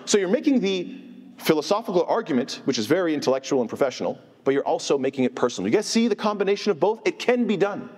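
A man giving an informal religious lecture, animated and asking his listeners rhetorical questions. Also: a little high, quick pace, slightly rough. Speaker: Islamic teacher. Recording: long hall reverb.

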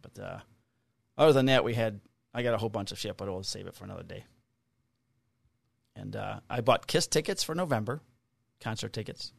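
A man's voice: lowish voice, brisk, creaky, pauses often, no room sound. A middle-aged man on a podcast, casually telling a work story, swearing freely and acting out the people he quotes in a raised voice. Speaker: podcast co-host, police officer.

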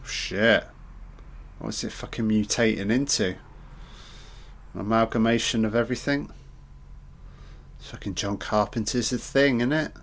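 A man's voice: fairly low pitch, fairly even intonation, a little slow, pauses often. A man giving a casual audio commentary on a film, chatty, joking and swearing a lot.

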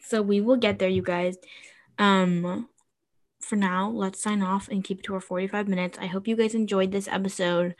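Gushing, excitable woman podcast host. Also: mid-range voice, normal speed. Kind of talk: casual chat.

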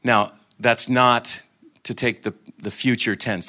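A man's voice: mid-range voice, fairly even intonation, slow, bright, forceful tone. A middle-aged man giving an informal, reflective sermon talk at a gathering, speaking conversationally with fillers and restarts.

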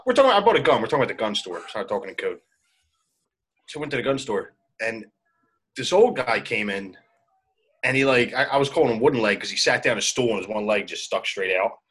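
A man's voice: medium pitch, lively intonation, a little fast, a bit bright, breathy edge, rough recording. A man, chatting casually as a podcast co-host, telling stories in a laid-back, swearing way. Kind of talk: casual chat.

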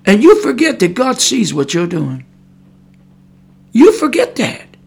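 A man's voice: high voice, huge pitch swings, unhurried, vocal fry, breathy edge. A man preaching a podcast sermon in a fiery, scolding way, with loose colloquial speech and repeated rhetorical "huh?" asides.

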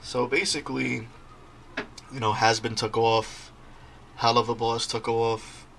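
Young man, podcast host, animated storyteller, crisp bright tone, light background noise. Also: medium pitch, a little slow. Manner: laughing, animated storytelling with quoted voices. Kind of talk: casual podcast chat.

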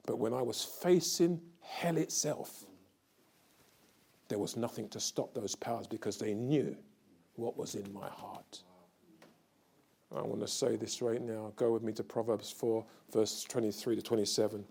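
An older man preaching a sermon, telling a story slowly and then building to loud, fervent preaching. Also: fairly low pitch, creaky, husky.

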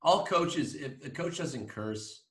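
Rambling, excitable man in an echoey room. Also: mid-range voice, takes it slowly, distant mic. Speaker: podcast co-host. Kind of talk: casual chat.

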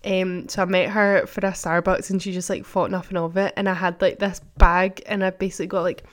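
A woman's voice: lowish voice, flat delivery, brisk. A young woman, chatting casually to camera in a vlog and telling a rambling story full of "like" fillers. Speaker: vlogger.

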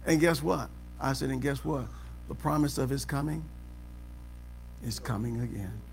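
A man preaching a sermon as pastor in a church auditorium, asking the congregation questions and building to shouts. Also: medium pitch, moderate pace, creaky, a little hiss or hum. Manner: preaching with rising shouts and call-and-response questions. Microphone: live service recording.

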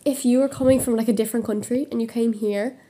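A woman's voice: on the high side, fairly even intonation, fast, mellow. A teenage girl with a slight cough, chatting in a blunt, jokey way. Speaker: co-host. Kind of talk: casual chat.

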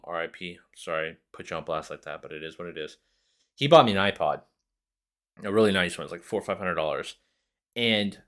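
A young man with a low voice hosts a podcast on his own. He rambles through his stories with a lot of swearing and mocks himself as he goes. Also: sharp tone. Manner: rambling, profane, self-mocking. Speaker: podcast host. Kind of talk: casual solo storytelling.

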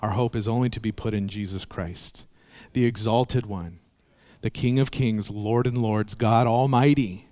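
Unhurried and mellow, a fairly low-pitched male voice with a steady tone delivers a sermon. The pastor tells earnest stories and acts out their voices.

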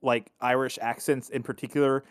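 A man's voice: medium pitch, flat delivery, a little fast, smooth, no echo, studio quality. A man co-hosting a podcast, chatting casually about films in a rambling way full of "like" fillers. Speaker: podcast co-host. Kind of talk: casual film discussion.

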